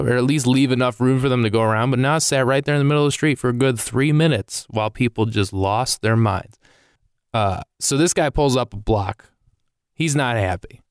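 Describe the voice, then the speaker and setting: A man tells a story in a casual, rambling way and keeps restarting his sentences with self-deprecating asides. His voice is smooth and clear, recorded close and dry with no room sound. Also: medium pitch, dry recording. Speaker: comedian telling a story.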